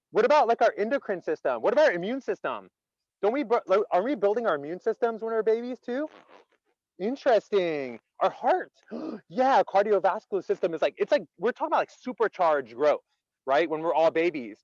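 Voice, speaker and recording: Energetic male workshop host, high voice, chatty, quizzes the audience, dry dull video call sound. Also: dry recording. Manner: energetic, asks the audience many questions; chatty, many "like" fillers. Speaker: laughter workshop leader. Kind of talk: interactive online workshop talk.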